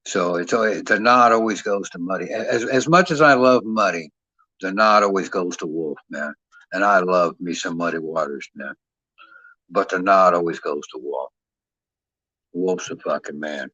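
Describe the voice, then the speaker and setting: A man's voice: deep voice, normal speed, pushed and bright, no room sound. A man talking casually and profanely at length, rambling and ending his sentences with "man". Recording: dull lo-fi dry sound.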